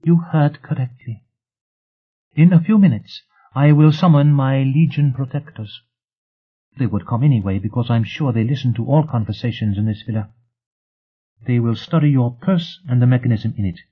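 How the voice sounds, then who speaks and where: A man's voice: mid-range voice, moderate pace, breathy edge, close to an everyday voice. A man reading a defiant young woman with a clipped, coldly challenging manner, in an audiobook. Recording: tinny phone-like sound.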